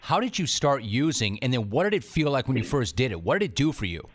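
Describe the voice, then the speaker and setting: A man hosting a podcast interview speaks quickly at an ordinary pitch. He sounds brisk and appreciative as he thanks his guest and presses on with follow-up questions. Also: very animated. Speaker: podcast host.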